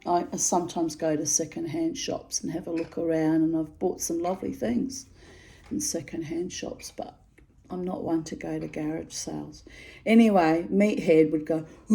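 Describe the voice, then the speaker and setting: A woman's voice: sits low, steady tone, normal speed, creaky, warm tone, rough recording. A middle-aged woman telling a personal story to camera in a frank, aggrieved way, swearing freely. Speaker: video storyteller.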